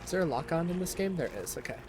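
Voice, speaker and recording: A man livestreaming a video game, chatting casually, reading on-screen text aloud and blurting loud surprised reactions. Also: on the high side, expressive, racing, music in the background. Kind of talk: casual game streaming commentary.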